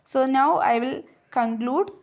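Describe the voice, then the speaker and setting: A woman with a slightly high voice explains medical material in a lecture. She talks hesitantly, often stopping on fillers and correcting herself mid-word, and she goes over her points again. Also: takes it slowly, darkish tone.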